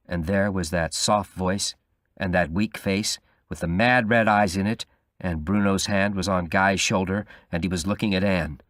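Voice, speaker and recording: A man reading a novel aloud in a steady, measured storytelling manner. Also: low-pitched, dry recording, studio quality. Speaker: audiobook reader. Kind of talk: scripted narration of a graded reader.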